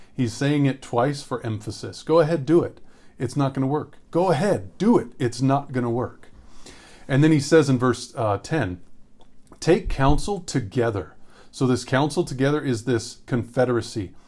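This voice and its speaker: Man, pastor, bible study teaching, mid-pitched voice, conversational, repeats for emphasis. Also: a little mellow. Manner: conversational, repeats phrases for emphasis, reads scripture slowly.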